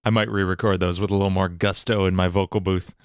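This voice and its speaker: A man chatting casually on a livestream while producing a song cover, talking to himself as he troubleshoots his recording software. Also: sits low, flat delivery, fast, smooth, no echo.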